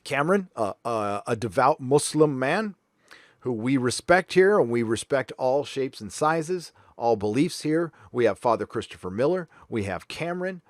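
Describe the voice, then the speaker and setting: A man's voice: mid-range voice, expressive, moderate pace, no room sound, studio quality. A man hosting a livestream, reading out viewer super chats and thanking each one in a chatty, joking way. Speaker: livestream host.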